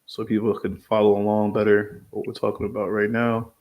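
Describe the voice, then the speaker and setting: A man's voice: lowish voice, monotone, brisk, highs cut off. Male podcast host, casual interview, friendly, stumbles and repeats words. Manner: hesitant, repeats words, upbeat.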